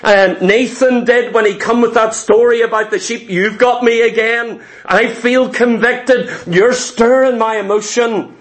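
A heartbroken aging king, slow and pleading, as a preacher acts him out. The voice sits very high for a man. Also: fairly even intonation. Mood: resigned. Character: grieving aging male king, torn and tender.

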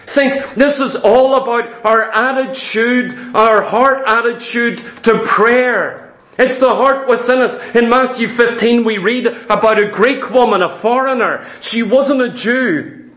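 Male preacher, very high voice, emphatic storytelling sermon, echoey church hall. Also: measured pace, a bit bright. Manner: emphatic, repeats key points, storytelling.

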